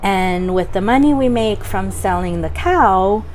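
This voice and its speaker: A woman's voice: medium pitch, lively intonation, a little slow, a little mellow, slight background noise, close to an everyday voice. A woman voicing a poor, worried mother in a children's story, speaking in a direct, motherly way. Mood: serious.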